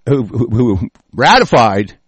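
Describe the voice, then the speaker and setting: A man's voice: mid-range voice, big pitch swings, slow, slightly rough, no room sound. Furious profane man, dry close sound. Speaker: talk show host. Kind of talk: angry political rant.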